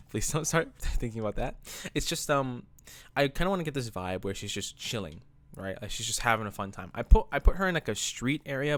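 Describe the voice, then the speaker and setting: An artist vlogger rambles casually over his own drawing, laid-back and self-deprecating, and a bit out of breath. He has a lowish, fairly bright voice in a dry recording.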